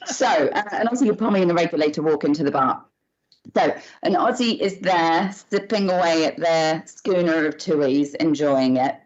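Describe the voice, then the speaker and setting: Woman panelist, playful joker, lowish voice, muffled video-call sound. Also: moderate pace. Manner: playful, laughs between phrases. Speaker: panel guest. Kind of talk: casual joking banter.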